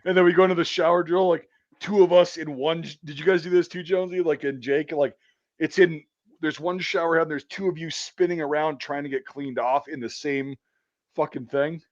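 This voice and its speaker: A man's voice: a little high, steady tone, fairly quick, muffled recording. A man in his thirties hosting a crude casual talk show, telling profane stories and laughing often. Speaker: podcast host.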